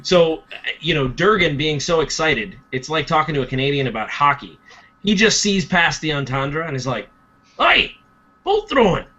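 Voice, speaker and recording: A man playing a tabletop role-playing game, switching playfully between his own voice and a gruff dwarf. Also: on the high side, normal speed, pushed and bright. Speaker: player voicing a dwarf. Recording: dull lo-fi sound.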